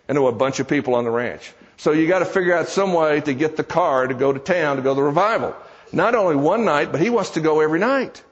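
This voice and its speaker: A man preaching in a church, slipping into a story and tossing casual, joking asides to the congregation. His voice sits a little high for a man. The recording is dull and lo-fi. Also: in a large hall. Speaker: preacher and seminar teacher. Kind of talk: sermon with storytelling.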